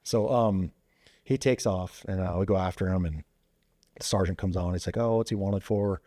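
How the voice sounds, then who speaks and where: A deep, mellow voice at a moderate pace belongs to a podcast guest, a former police officer and veteran, who tells a story in a relaxed way. He's loose in delivery, using lots of "you know" and "like," and acts out quoted speech with sudden jumps in his voice. No echo is heard.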